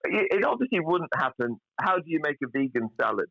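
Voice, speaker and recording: A man's voice: fairly high pitch, big pitch swings, fast talker, vocal fry, no room sound. A man, a chef guest talking bluntly and swearing freely in a casual podcast chat. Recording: dull lo-fi sound.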